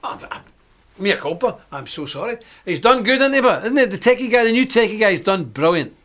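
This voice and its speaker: Chatty man, fairly high voice. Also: big pitch swings, fairly quick, a bit bright. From Britain. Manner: rambling, chatty, frequent laughs. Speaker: host. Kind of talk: live-stream monologue.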